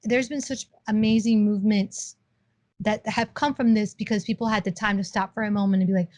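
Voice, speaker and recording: A woman's voice: mid-range voice, fairly even intonation, a little fast, darkish tone, dry recording. A woman co-hosting a podcast in casual chat, chatty and self-teasing. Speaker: podcast co-host.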